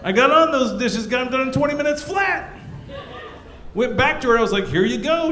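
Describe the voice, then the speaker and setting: High-pitched guy doing stand-up, brash and crude, roomy club sound. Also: lively intonation, brisk, pushed and bright. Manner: brash, profane, acts out both sides of stories. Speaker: stand-up comedian. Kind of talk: stand-up comedy set. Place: comedy club stage. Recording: roomy club with audience noise. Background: audience laughter.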